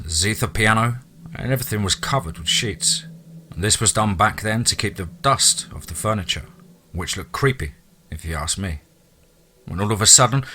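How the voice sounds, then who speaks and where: A man narrating a listener's true ghost story in a dramatic storytelling manner, dropping into low asides. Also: sharp tone, breathy edge.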